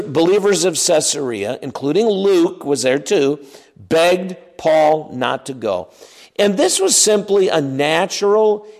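Slow, lively-voiced male preacher. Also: on the high side. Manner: emphatic, repeats words, acts out scripture scenes. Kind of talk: expository sermon.

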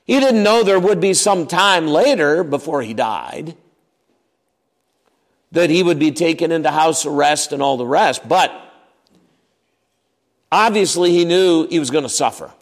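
A man's voice: on the high side, animated, measured pace, pauses often. A man preaching an expository sermon, emphatic and often repeating his words as he acts out the scripture scenes.

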